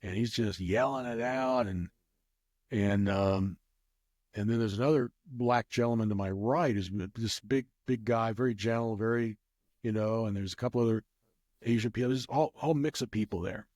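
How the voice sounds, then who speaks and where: A man's voice: on the low side, moderate pace, a little mellow, no echo, clean studio sound. A man telling a rambling casual story as an interview guest, with many restarts. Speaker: guest, craps player.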